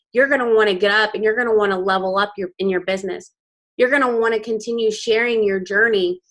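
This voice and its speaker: A woman's voice: mid-range voice, a bit bright. A young woman speaking candidly and with emotion to her sales team over a video call, as a motivational guest speaker. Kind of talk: motivational team training talk.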